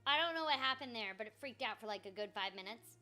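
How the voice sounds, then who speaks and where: High bouncy young woman gaming and chatting, lots of ups and downs in her voice, talks to herself a bunch. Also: expressive, quick pace, bright, forceful tone, soft background music. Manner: chatty, muttering to herself, self-mocking. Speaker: voice actor streaming a game. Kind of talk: casual gameplay chat.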